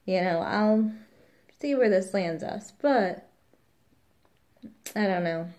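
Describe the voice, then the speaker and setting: A woman's voice: mid-range voice, animated, slow pace, a little mellow. A woman, a new mother, chatting casually in a rambling vlog, quoting the people around her.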